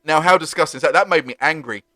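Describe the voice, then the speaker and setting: A man's voice: fairly high pitch, fast talker, sharp tone, dry recording. A man, chatting animatedly and jokily as he reviews car-cleaning products for his vlog. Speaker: car detailing vlogger.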